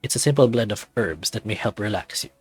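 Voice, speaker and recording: A big brown werewolf in a storybook, speaking low, soft and reassuring with careful, formal words, as a narrator voices him. The tone is husky and dry. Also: male voice, lively intonation, quick pace, dry recording. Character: large gentle brown male werewolf, caring.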